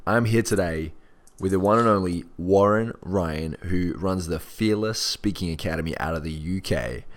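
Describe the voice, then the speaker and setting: A man hosting a podcast, with a friendly, energetic manner, often calling his guest "mate" or "man". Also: low-pitched, moderate pace. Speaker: podcast host. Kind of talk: casual interview.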